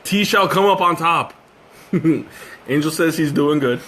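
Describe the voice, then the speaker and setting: A man's voice: fairly high pitch, takes it slowly, a bit bright. A young man hosting a livestream, joking about himself and reading out chat comments. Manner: joking, self-mocking, reads out chat comments. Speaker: livestream host.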